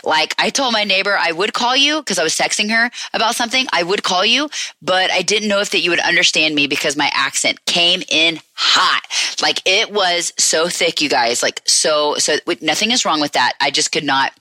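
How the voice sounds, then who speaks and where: Southern woman podcast host, low-pitched yet bright and crisp, rambling casual chat, dry close sound. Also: moderate pace, no room sound. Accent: Southern American. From American South. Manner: chatty, rambling, many fillers.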